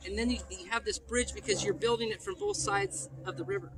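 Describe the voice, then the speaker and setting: A high-pitched man gives a playful children's message, quizzing the young listeners and joking with them. His voice sits well above the usual male range. The recording is noisy, with a steady hiss of room sound underneath. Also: brisk. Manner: playful, asks kids questions. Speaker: pastor.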